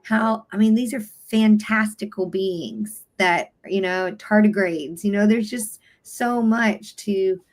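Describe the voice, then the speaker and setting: A woman guest in a casual livestream conversation, telling stories with warm enthusiasm and open emotion. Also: medium pitch, takes it slowly, hardly any pauses.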